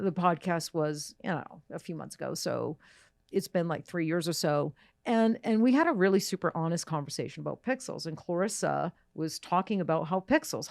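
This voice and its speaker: A woman with a lowish voice hosts a podcast in casual, enthusiastic chat. She talks freely, with fillers and restarts. The sound is dry and close, with no room echo. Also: a little mellow. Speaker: podcast host. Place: recording studio.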